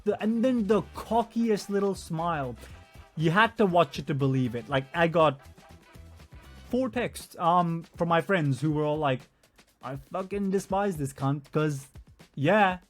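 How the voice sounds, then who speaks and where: A young man venting in a heated, profane casual rant, his loudness swinging from mutters to shouts. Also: on the high side, unhurried, soft background music. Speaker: vlogger.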